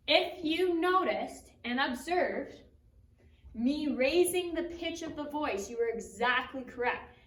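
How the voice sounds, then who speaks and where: Woman teacher, slightly high voice, slow and deliberate, whiteboard lesson, echoey classroom from a distance. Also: a bit bright, a little hiss or hum. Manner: slow, deliberate, with exaggerated rising question pitch. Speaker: French teacher. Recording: echoey room, recorded from a distance.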